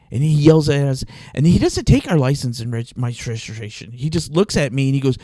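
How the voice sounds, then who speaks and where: A man casually telling an animated story on a podcast, laughing often. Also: mid-range voice, normal speed, hardly any pauses, no echo. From Arizona, US. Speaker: podcast host.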